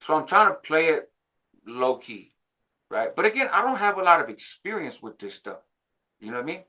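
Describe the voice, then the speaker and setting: A man in his forties casually telling a story about his past, jumping higher in pitch when he acts out what others said. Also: moderate pace. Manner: animated, jumps higher when quoting others; laughs between phrases, frequent "right?". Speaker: channel host recounting prison life.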